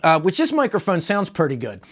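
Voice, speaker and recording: A man's voice: high-pitched, huge pitch swings, brisk. A man with a stuffed-up nose reviewing a new microphone in a loose, rambling vlog, talking through a lapel mic and then the new mic. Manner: rambling, loose, with fillers and mild swearing. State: stuffed up from allergies. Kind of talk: casual unboxing talk. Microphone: lapel mic, then a desk condenser mic.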